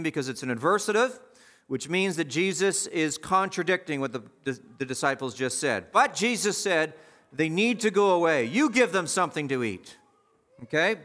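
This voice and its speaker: A man's voice: on the high side, sharp tone. A man preaching a sermon in a conversational, emphatic way, asking the listeners questions.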